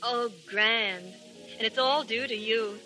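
Young shop girl, earnest and unassuming, bright tone, faint music behind. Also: fairly high pitch, steady tone, slow pace. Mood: shy. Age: young adult. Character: shy young woman shop girl turned singer. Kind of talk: 1930s radio acting.

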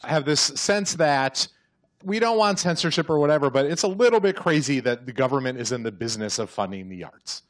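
A man's voice: medium pitch, animated, brisk. Wry Midwestern male radio interviewer. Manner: wry, joking, asks questions in long runs.

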